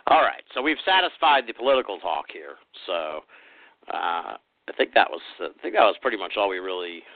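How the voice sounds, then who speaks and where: A podcast host with a lowish voice chats in a relaxed way and reads listener questions aloud. His voice comes through a narrow, phone-like line that sounds dry and close. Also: brisk, dry recording. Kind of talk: casual podcast conversation, reading listener questions.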